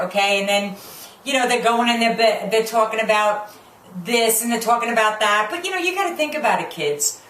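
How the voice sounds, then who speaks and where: Loud new lady ranting about a tv show, swings all over in pitch, cursing, roomy echo. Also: distant mic. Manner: brash, profane and sarcastic. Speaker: TV show reviewer. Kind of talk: comedic rant review. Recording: roomy, off-mic, faint background hum.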